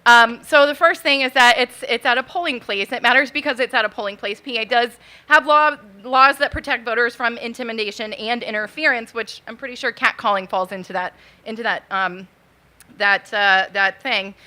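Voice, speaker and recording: A woman's voice: a little high, normal speed, bright, forceful tone. A woman in her thirties telling a true story on stage at a live event, nervous and chatty, with many fillers and "like"s. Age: 30s.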